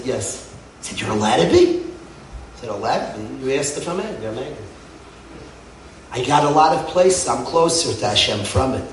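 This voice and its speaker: A middle-aged man speaking with passion to a gathered crowd, his voice a little higher than most, rising to loud bursts and falling to near-whispers. He is heard from a distance in a reverberant hall, with faint room noise around him. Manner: impassioned, swinging from loud to hushed. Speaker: yeshiva head. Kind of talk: emotional speech to a crowd. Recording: echoey hall, mic from afar.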